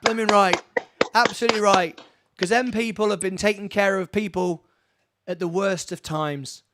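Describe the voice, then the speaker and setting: A man hosting a live-streamed charity fundraiser from his studio, rambling excitedly and laughing often. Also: sits high, normal speed, very noisy. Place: home studio.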